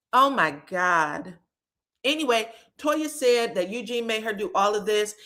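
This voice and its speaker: A woman's voice: on the high side, measured pace. A woman giving a casual gossip recap of a reality show, acting out the cast's lines with frank cursing. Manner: animated, acts out quotes, frank cursing.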